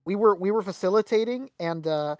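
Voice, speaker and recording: This young man, a podcast co-host, recounts a story in a brisk, high voice, acting out quotes and swearing liberally in casual chat. The recording has no room sound.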